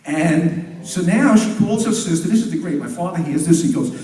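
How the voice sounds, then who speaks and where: An older man, telling jokes and family stories in a chatty, animated stand-up style at a talent show. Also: high-pitched, normal speed. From Long Island, New York. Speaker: comedian. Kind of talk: stand-up storytelling. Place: library hall, talent show. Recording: roomy hall, mic far off.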